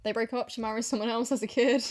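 A woman's voice: a little high, steady tone, quick pace. A woman co-hosting a podcast, chatting casually, gushing and giggly. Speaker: podcast co-host. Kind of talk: casual chat.

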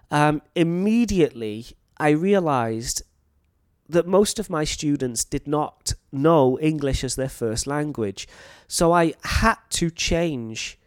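A man's voice: a little high, dry recording, studio quality. A man in his late thirties with a North Welsh accent, a teacher talking earnestly to fellow teachers and explaining his points. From North Wales.

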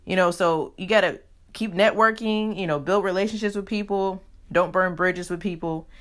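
A woman's voice: mid-range voice, fairly even intonation, normal speed, fairly bright tone. A woman hosting a solo podcast in a casual, chatty way, leaning often on "you know" as she talks. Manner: chatty, heavy use of "you know" fillers. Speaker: podcast host.

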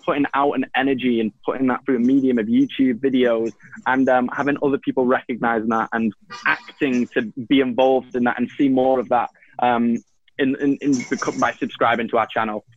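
A YouTuber from Manchester, England, speaks in Mancunian English as a guest on a talk show, telling stories in a laid-back, rambling way full of ums and repeated restarts. His mid-range voice is fairly even in intonation and brisk, and the sound is lo-fi.

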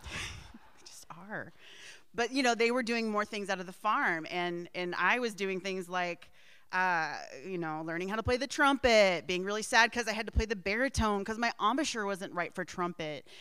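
A woman's voice: mid-range voice, normal speed, pushed and bright, smooth, dry recording. A middle-aged woman telling a personal family story in a rambling way, with asides and frequent laughs.

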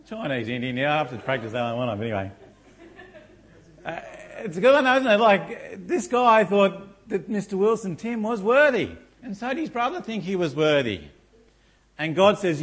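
A man's voice: on the high side, animated, normal speed, breathy edge. A middle-aged man preaching a sermon in a church, often asking the congregation rhetorical questions like "isn't it?". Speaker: pastor.

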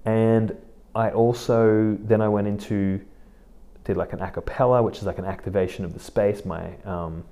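A man hosting his own podcast, talking casually in a relaxed, rambling, reflective way. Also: fairly low pitch, normal speed. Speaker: podcast host. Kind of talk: casual solo podcast monologue.

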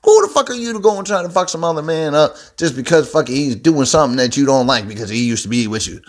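A man's voice: on the high side, quick pace. A man ranting angrily and off the cuff at home, swearing constantly and rambling into his phone. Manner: angry, heavily profane, rambling. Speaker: vlogger. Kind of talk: unscripted profane rant. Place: indoors at home, seated.

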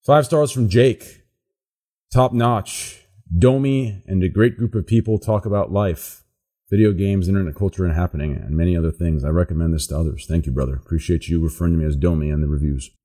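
A man with a low, mellow voice reads listener reviews on a podcast. He talks in a relaxed, rambling way, often repeats words and swears casually. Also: brisk, slightly rough. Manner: laid-back, trails off and repeats words, swears when amused.

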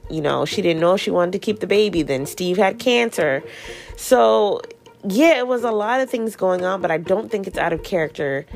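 A woman's voice: fairly low pitch, creaky. A woman hosting a podcast, recapping a TV show in casual, slangy chat, swearing freely and acting out characters' lines as she retells scenes.

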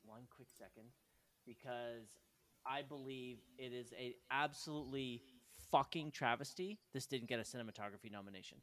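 Excitable, foul-mouthed male podcast co-host. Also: mid-range voice, normal speed. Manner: enthusiastic, swears freely. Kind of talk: casual film review chat.

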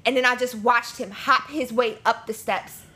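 A woman's voice: fairly high pitch, steady tone, moderate pace, pushed and bright. A woman, a guest on a podcast, telling stories in casual, profane chat.

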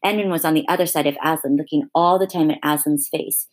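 Low-voiced woman, storybook reader, steady and expressive. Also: fast. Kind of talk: reading a children's novel aloud.

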